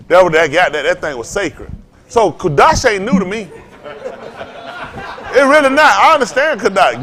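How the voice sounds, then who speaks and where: An older male pastor delivers a loose, conversational sermon. His voice sits a little high, and he talks in a folksy, animated way. He circles back and repeats phrases as he tells stories. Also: normal speed. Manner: folksy, animated, Southern Black church vernacular, repeats himself. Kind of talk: informal sermon with storytelling.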